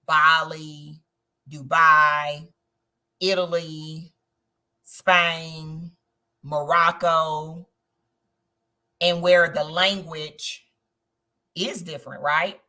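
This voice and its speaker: A woman hosting a live travel stream, chatting in an animated way and talking straight to her viewers. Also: deep voice. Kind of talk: casual livestream chat.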